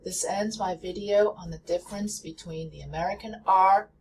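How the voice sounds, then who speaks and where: A woman giving a pronunciation lesson, speaking deliberately and repeating each sound for practice. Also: medium pitch, fairly even intonation, a little mellow, far from the mic, slight background noise, poor audio. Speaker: language teacher.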